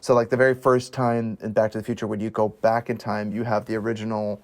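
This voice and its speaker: A man's voice: fairly low pitch, little pitch movement, fast talker. A man co-hosting a casual movie discussion, rambling through ideas and often asking if he makes sense. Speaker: podcast co-host.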